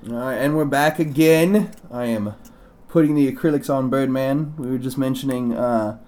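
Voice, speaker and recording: A man's voice: medium pitch, a little mellow. A young man from the States hosting a podcast in casual chat, swearing freely as he talks. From United States. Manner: chatty, swears freely, quick laughs. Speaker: podcast host.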